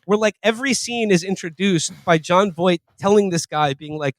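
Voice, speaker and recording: A man's voice: sits high, normal speed, no room sound. A man co-hosting a comedy podcast, talking in a rambling, mocking way with frequent laughs. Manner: rambling, laughing, mocking mock-Russian impressions. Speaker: podcast co-host. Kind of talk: casual comedic chat.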